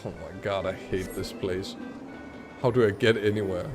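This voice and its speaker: A man's voice: low voice, fairly even intonation, moderate pace. A man streaming a game, talking casually with sarcastic, muttered asides. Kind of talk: casual gameplay commentary. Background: game music.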